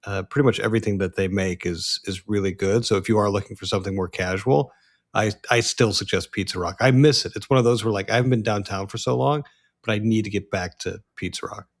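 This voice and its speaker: A man's voice: fairly low pitch, fast. A man co-hosting a casual podcast, laughing often and agreeing easily. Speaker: podcast co-host. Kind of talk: casual chat.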